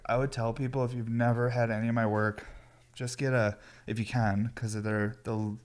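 A stoned man hosting a podcast from his garage, rambling in a laid-back way and swearing freely. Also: on the low side. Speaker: podcast host. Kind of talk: casual rambling chat. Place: home garage.

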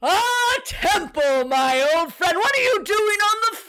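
A woman's voice: sing-song, unhurried, sharp tone, heavily acted. A woman voicing a big male lion military commander who greets his guests in a hearty, jovial way. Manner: jovial, booming welcomes.

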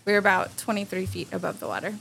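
A woman's voice: mid-range voice, steady tone, very fast, gravelly, fairly bright tone, slight background noise. A woman recounting a hard experience in a casual podcast interview, matter-of-fact and agreeable. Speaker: podcast guest.

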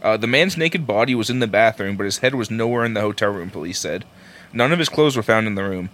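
A man's voice: lowish voice, animated, fast talker, fairly bright tone. Jokey man on a podcast. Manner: jokey, profane. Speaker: podcast co-host. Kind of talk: casual chat.

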